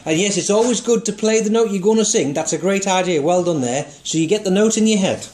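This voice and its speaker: A man's voice: high-pitched, fast, darkish tone. A man teaching songwriting one to one, patient and encouraging, asking guiding questions and singing short notes to show the tune. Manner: sings short notes to demonstrate. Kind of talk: one-to-one music lesson.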